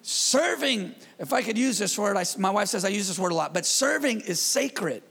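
A man preaching as pastor in his church, in a lively, conversational style with call-and-response to the congregation. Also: sits high, normal speed, vocal fry, breathy edge, long reverb tail. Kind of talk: sermon.

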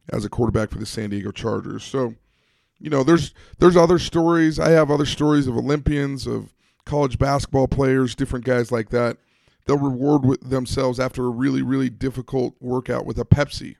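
A middle-aged man hosting a motivational podcast, telling coaching stories in a storytelling manner and getting animated when he quotes players. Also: medium pitch, creaky, no room sound, clean studio sound. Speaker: podcast host and former coach.

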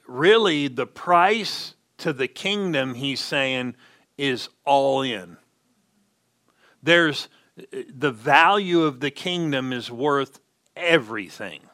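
A man's voice: a little high, lively intonation, slow pace, pushed and bright. A man preaching a sermon as pastor, stressing key words and checking in with the congregation.

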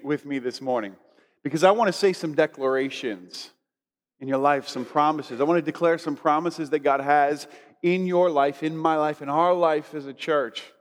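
A man preaching a conversational sermon to a church congregation, leading them in spoken declarations. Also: on the high side. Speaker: pastor. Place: church sanctuary. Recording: long hall reverb.

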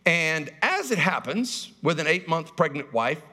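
A man's voice: a little high, big pitch swings, a little slow, sharp tone. A man in his thirties preaching a sermon in a folksy, conversational way, with humorous storytelling. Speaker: guest preacher.

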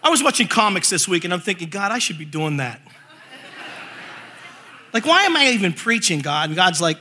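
A male preacher telling a funny story in a sermon, animated and acting out voices, laughing as he goes. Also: high voice, brisk, slightly rough.

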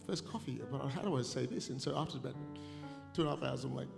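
A middle-aged male pastor telling a funny story in a sermon, animated and laughing as he goes, recorded live in a large church. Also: mid-range voice, fairly quick, vocal fry. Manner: humorous, animated storytelling, laughing through anecdotes. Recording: live church recording with long reverb and music behind.

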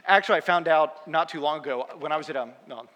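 A man's voice: fairly high pitch, fairly quick, long reverb tail, crowd noise. A man in his fifties giving a humorous, self-deprecating storytelling sermon as a guest preacher. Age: 50s. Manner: self-deprecating, chatty, laughs at own jokes.

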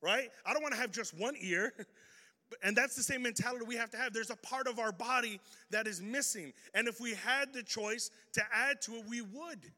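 Animated preacher with a bright voice. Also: male voice, extremely high pitch, normal speed. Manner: animated, swings from loud to hushed. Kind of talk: energetic sermon with storytelling. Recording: reverberant hall.

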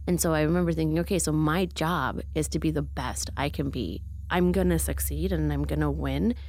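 A woman's voice: low voice, brisk, a little mellow, no echo. A young woman from Mexico telling her life story candidly in an interview, with a conversational delivery full of acted-out quotes. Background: music.

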